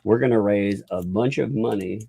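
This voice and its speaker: A man's voice: lowish voice, moderate pace, gravelly, mellow, husky, no echo. A father hosting a casual livestream, playfully joking and laughing while he talks with his young daughter. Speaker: livestream host.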